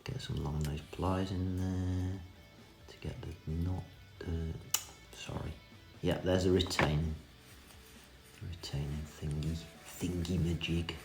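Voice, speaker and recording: A man with a very deep, gravelly voice talks through a repair job with cheeky, self-mocking asides. The room sounds echoey, with music playing behind him. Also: steady tone, takes it slowly. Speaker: vintage reel restorer. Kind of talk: casual hands-on repair tutorial.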